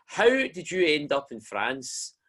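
A Scottish man hosting a casual podcast, excitable and jokey, with sweary banter. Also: a little high, slow, husky. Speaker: podcast host.

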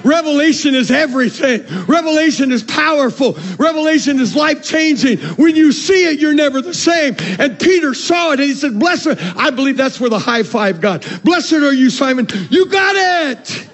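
A male pastor preaching a sermon, calling out to the congregation and swinging from shouted peaks to soft, low passages. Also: lively intonation, brisk, few pauses. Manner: calls out to the congregation.

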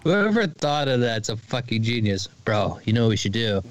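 A man co-hosting a podcast in casual chat, reacting excitably with quick jokes and laughter. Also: on the low side. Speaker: podcast co-host.

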